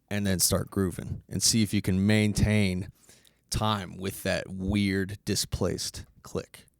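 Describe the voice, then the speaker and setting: A man's voice: lowish voice, dry recording, studio quality. A man giving a casual music lesson, explaining step by step and counting beats aloud. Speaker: music teacher.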